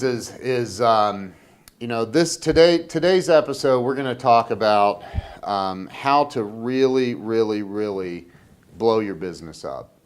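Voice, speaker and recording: A man hosting his own business web show, talking casually to camera and rambling with many restarts, getting excited as he tells a story. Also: medium pitch, clean tone. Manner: gets excited telling a story.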